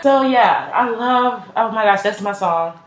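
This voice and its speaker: A woman's voice: medium pitch, measured pace, soft background music. Gushing young woman in an echoey room. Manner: gushing, heavy use of "like" and slang. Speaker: music reaction vlogger. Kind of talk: casual reaction chat.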